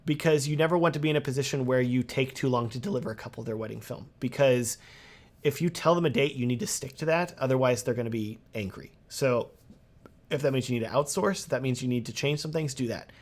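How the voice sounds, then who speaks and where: Young male host, casual live Q&A, lively and talkative, reads comments aloud. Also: medium pitch, fast.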